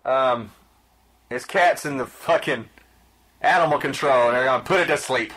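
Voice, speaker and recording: A man's voice: medium pitch, a bit bright. A man hosting a podcast, telling stories in a blunt, profane, exasperated rant. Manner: blunt, swearing, exasperated storytelling. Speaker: podcast host.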